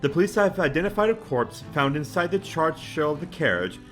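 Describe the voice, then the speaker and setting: A man voicing a stern, imposing older chief justice, attempting a British accent in a formal, measured manner. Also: a little high, expressive, a bit bright, soft background music, voice pushed up. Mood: grave.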